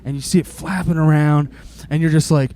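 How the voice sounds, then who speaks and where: A man's voice: a little high, fairly even intonation, a little fast, warm tone. A man chatting casually with a friend, playful and swearing, reacting to the story. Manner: laid-back, swearing, playful. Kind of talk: casual chat.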